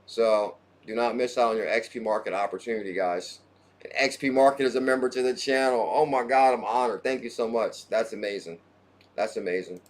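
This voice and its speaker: A man hosting a crypto livestream, chatting casually and excitedly, hopping between topics and greeting viewers in the chat by name. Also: mid-range voice, fairly quick.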